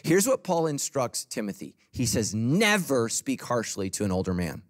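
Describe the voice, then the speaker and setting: A man preaching a sermon as pastor to a congregation in a church. He talks emphatically, swinging between loud, punchy lines and soft, low asides. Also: sing-song, normal speed.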